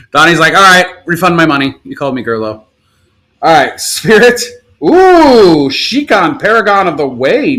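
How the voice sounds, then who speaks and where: Male stream host, casual and profane, rattles off items fast with lively, upbeat pitch. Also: low-quality recording. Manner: rapid-fire listing with excited outbursts and cursing. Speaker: live stream card seller. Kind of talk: casual live stream pack opening.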